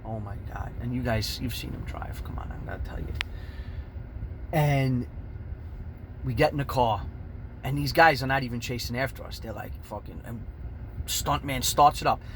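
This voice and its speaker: A man telling a profane fight story, animated and swearing constantly, shouting out the punches. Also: medium pitch, normal speed, long pauses, a little hiss or hum.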